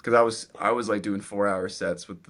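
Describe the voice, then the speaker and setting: Young guy in his twenties, guest guitarist, loose and rambly, low-ish voice. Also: brisk. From Virginia, US. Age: 20s. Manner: relaxed, rambling with many "like" fillers. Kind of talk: casual interview chat.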